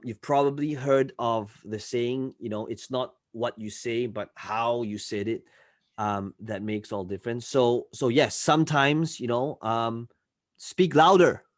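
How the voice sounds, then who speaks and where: A man's voice: mid-range voice, no echo. Dry-sounding male coach teaching live online. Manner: frequently checks in with listeners, swings between loud and soft. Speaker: marketing coach.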